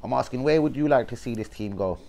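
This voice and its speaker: A man's voice: mid-range voice, fast, gravelly, warm tone. A young man with a London accent, hosting a fan channel livestream as a blunt, sweary rant full of slang. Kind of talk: casual football rant livestream.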